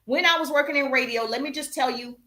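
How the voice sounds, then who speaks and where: A woman's voice: sits high, quick pace, reverberant. A woman with a Southern US accent, coaching on sales in a chatty live-stream talk, speaking straight to her audience. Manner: animated, chatty, addresses audience directly.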